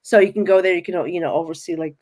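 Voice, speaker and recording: A woman's voice: lowish voice, quick pace, a little hiss or hum. A woman, a guest medium telling her experiences in a casual podcast interview, acting out what people said. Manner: animated storyteller, acts out her own quotes.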